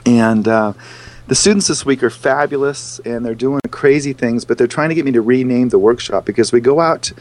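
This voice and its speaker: A man who teaches photography workshops, chatting as a podcast guest. His voice sits at an ordinary pitch, and he tells stories with animation and pace. Quick fillers run through his speech. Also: darkish tone. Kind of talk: casual podcast chat.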